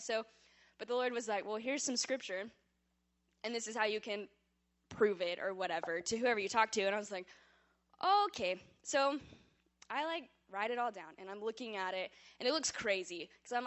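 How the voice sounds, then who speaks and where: A woman with a fairly high voice gives a personal testimony to a church congregation. She tells her story in a chatty, animated, self-deprecating way and admits she yells when she talks.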